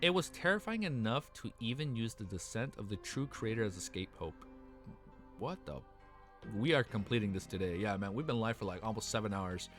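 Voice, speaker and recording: A young man streaming live, reading a story aloud and reacting with excited swearing and stumbles. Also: on the low side, brisk, faint music behind.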